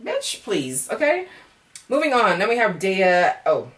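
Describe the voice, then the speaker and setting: A woman's voice: mid-range voice, huge pitch swings, unhurried, recorded from a distance. A young woman recapping a reality dating show in a casual vlog, blunt and sassy, swearing freely and ending her points with "okay?" and "girl".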